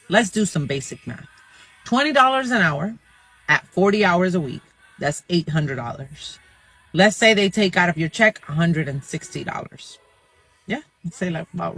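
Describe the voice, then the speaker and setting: A man's voice: fairly high pitch, fairly bright tone, low-quality recording. A man explaining wages to camera, working through the numbers step by step. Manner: walks through figures step by step. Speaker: commentator.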